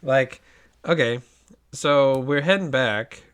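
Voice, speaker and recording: A young man in casual podcast chat, telling an animated story, acting out quoted lines and swearing freely. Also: medium pitch, slow, clean tone. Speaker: podcast co-host.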